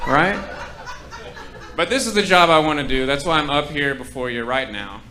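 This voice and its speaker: A young man doing a stand-up set in a comedy club, with dry deadpan setups and ironic punchlines into a stage mic. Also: on the high side, normal speed, a crowd in the background.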